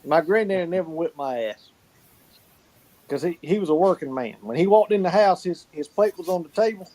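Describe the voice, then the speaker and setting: A man's voice: sits high, animated, brisk, warm tone, low-quality recording. Folksy man telling stories. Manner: colorful folksy storyteller, salty language. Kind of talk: casual storytelling chat.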